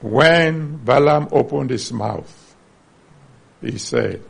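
A man's voice: medium pitch, extremely slow, creaky, husky. A man preaching a sermon, earnestly teaching from the Bible and citing chapter and verse.

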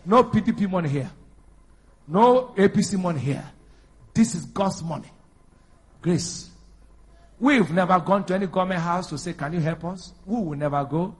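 Husky high-voiced preacher. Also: male voice, moderate pace, long pauses. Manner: preaching with call-and-response, rising to loud emphatic bursts. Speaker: pastor. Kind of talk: sermon.

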